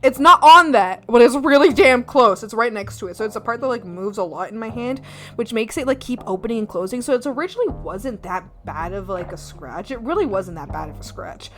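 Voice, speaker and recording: A woman's voice: fairly high pitch, expressive, a little fast. Giggly, rambling young woman streamer. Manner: rambling, giggly, crude and playful, many fillers. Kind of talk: casual live-stream chat. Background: soft background music.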